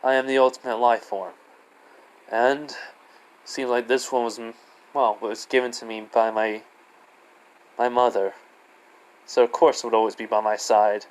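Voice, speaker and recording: A man's voice: medium pitch, flat delivery, normal speed, long pauses, natural voice, rough recording. A man voicing a proud hedgehog hero who calls himself the ultimate life form, speaking in self-assured declarations.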